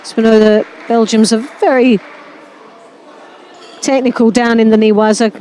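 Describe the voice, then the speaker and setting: A woman's voice: fairly high pitch, flat delivery, unhurried, dark tone, slight background noise, poor audio. A woman co-commentating live on a judo event, enthusiastic and chatty. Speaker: sports commentator.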